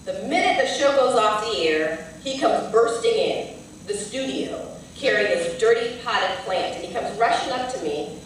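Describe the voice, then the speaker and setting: A woman's voice: medium pitch, lively intonation, normal speed, distant mic, slight background noise. Woman lecturing in a very echoey hall. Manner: earnest, vivid storytelling. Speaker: civil rights lawyer and lecturer. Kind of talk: storytelling lecture. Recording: very echoey hall, heard from afar.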